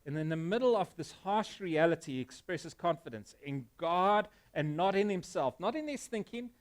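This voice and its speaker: A South African pastor preaches to his congregation in an earnest, emphatic way. His voice sits a little high for a man. He often sinks into low, quiet stretches to press a point home. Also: animated, normal speed. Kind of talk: sermon. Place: church.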